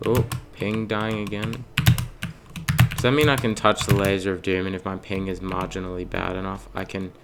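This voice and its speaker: A young man hosts a let's play, giving gaming commentary in a gravelly, low-sitting voice at normal speed. He's self-mocking and excitable, letting out sudden yelps and gasps. Loud game music behind him makes the recording very noisy.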